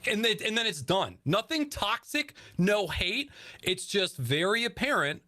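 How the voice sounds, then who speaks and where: A man's voice: sits high, very animated, unhurried, bright, forceful tone, no room sound. A man co-hosting a casual podcast, talking bluntly and swearing freely as he makes his points. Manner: blunt, swears freely, talks in earnest stretches. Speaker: podcast co-host.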